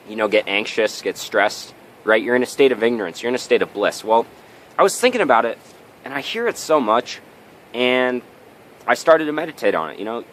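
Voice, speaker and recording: A man's voice: on the low side, a bit bright, a little hiss or hum. A man giving a motivational vlog talk, telling a story and often checking in with tag questions. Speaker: vlogger.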